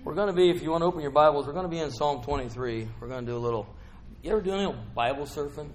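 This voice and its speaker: A middle-aged man preaching a sermon in church, chatty with the congregation and breaking into bursts of excitement. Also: fairly high pitch, very fast, a little hiss or hum.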